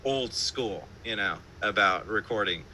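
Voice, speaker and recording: Bright-voiced man telling casual band stories. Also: on the low side, expressive, measured pace, slight background noise, low-quality recording. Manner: loose, profane storytelling with frequent laughs and fillers. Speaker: band musician, interview guest. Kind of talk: casual interview chat. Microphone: remote live-stream call.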